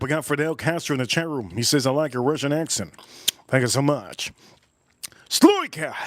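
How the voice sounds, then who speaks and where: A man's voice: mid-range voice, a bit bright, no room sound. Rambling, playful man on a livestream. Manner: rambling and playful, repeating catchphrases like "yes, yes". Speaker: livestream host. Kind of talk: casual livestream chat while cooking and tasting whiskey.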